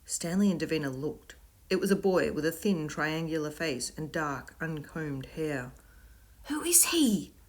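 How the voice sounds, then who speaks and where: A woman narrating a children's storybook in an expressive, varied way. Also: deep voice, moderate pace. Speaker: audiobook reader.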